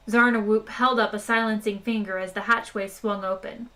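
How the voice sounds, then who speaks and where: A woman's voice: mid-range voice, moderate pace. A woman reading a novel aloud on a live stream, then chatting casually with viewers. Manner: relaxed, chatty, with fillers. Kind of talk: read-aloud narration and casual chat.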